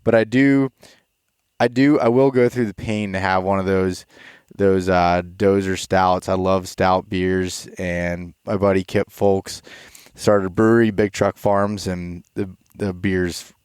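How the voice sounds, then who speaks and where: A young man hosting a podcast, talking in a loose, rambling way with many restarts. He sounds tired and a little stuffed up, and his low voice is smooth and clear. The recording is close and dry. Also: fairly even intonation, measured pace, darkish tone, no room sound. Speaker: podcast host. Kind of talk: casual chat.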